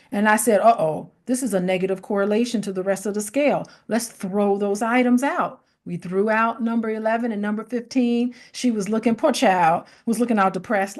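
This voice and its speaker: A middle-aged woman hosting a reflective casual talk, telling stories in an animated way, acting out quoted voices and laughing often. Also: mid-range voice. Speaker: host.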